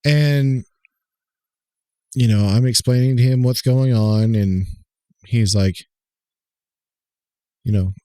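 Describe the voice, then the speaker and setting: This man co-hosts a podcast and tells a long, profane, rambling story, quoting the people from his calls in their own voices. His medium-pitched voice is dark yet clean in tone, slow and full of long pauses, with no echo.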